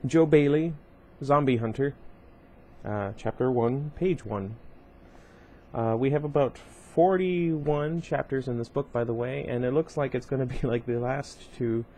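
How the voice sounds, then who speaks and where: A man's voice: mid-range voice, measured pace, darkish tone, a little hiss or hum. A man casually reading a novel aloud at home, breaking off often for rambling side comments full of fillers. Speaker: reader of a book series.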